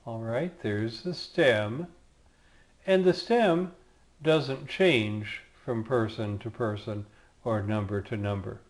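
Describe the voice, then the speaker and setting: A man's voice: lowish voice, takes it slowly. A man teaching Greek grammar in a recorded lecture over slides, spelling out verb endings one by one, with dry asides and small jokes.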